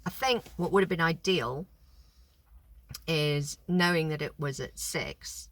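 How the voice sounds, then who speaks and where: A woman chatting casually and telling stories with animated indignation. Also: low-pitched, slow, dry recording. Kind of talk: casual chat.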